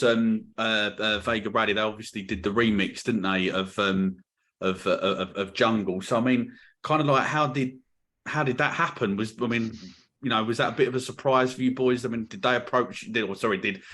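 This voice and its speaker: A man's voice: mid-range voice, fairly even intonation, normal speed, a bit bright. A man hosting a casual music podcast interview, asking questions with many restarts and fillers. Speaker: podcast host.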